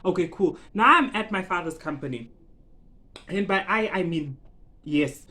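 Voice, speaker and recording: A vlogger giving a casual, animated recap, dramatic and full of laughter and rhetorical questions. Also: medium pitch, measured pace.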